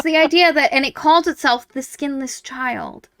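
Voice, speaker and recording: A woman co-hosting a podcast, chatting casually about a book series, animated, acting out reactions and swearing freely. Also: sits high, normal speed, dry recording. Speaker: podcast co-host.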